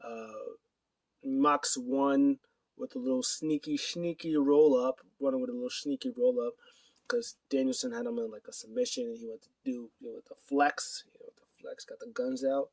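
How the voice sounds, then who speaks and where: A man's voice: medium pitch, little pitch movement, a little fast, darkish tone, dry recording, recorded from a distance. A man casually recapping wrestling news to his camera, rambling with many fillers and acting out quotes. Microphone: camera mic.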